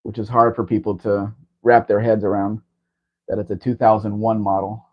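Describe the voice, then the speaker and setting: A man's voice: fairly low pitch, flat delivery, moderate pace. A man hosting a casual livestream chat, talking in a rambling, chatty way. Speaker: livestream host. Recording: dull lo-fi stream audio.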